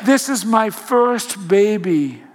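Man doing a frightened teenage mother, soft pleading voice, slightly high, long hall reverb. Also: animated, slow pace. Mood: pleading, fearful. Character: frightened lonely teenage mother, young woman.

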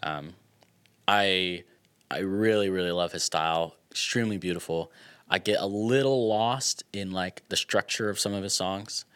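A young man with a very low voice that still comes across bright and forward. He talks as a guest in a casual podcast chat. His speech is reflective and halting, with many fillers and restarts. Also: clear, resonant tone. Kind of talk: casual conversation.

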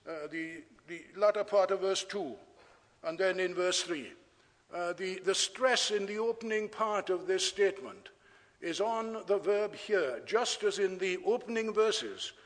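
A man with a high voice preaches slowly and deliberately, stressing and repeating his key words. His sermon rings out with a long reverb, as in a church hall. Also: a bit bright.

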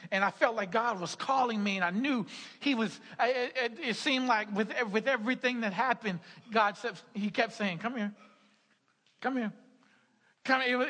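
Middle-aged male pastor, sermon, stammering restarts, high bright voice. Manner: repetitive, stammering restarts, laughing asides. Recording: hall reverb.

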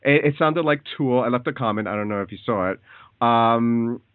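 A man hosting a casual phone interview, talking in a hesitant, halting way with many fillers. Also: medium pitch, smooth, no room sound. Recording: tinny phone line, dry.

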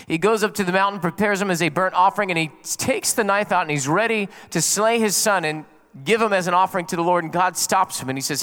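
A man's voice: sits high, fast talker, fairly bright tone. A middle-aged man, a pastor, preaching a sermon and telling stories and jokes to his congregation. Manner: storytelling preacher who plays out quotes and jokes with the congregation.

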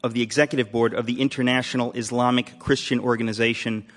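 A man hosting a live event, introducing the evening's speaker with dry, deadpan jokes and asides. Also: mid-range voice, fast. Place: hall with a live audience.

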